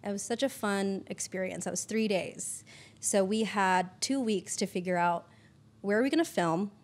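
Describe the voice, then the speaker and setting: This woman, a producer appearing as a podcast guest, chats casually in an interview, scattering "like" through her talk along with the occasional swear. Her voice sits at a medium pitch and moves at a moderate pace.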